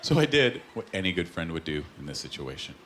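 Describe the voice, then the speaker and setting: A Canadian man performing a stand-up comedy set on a club stage, deadpan punchlines broken by sudden put-on voices. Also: low voice, fast talker, heavy background noise. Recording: live stage with loud audience laughter.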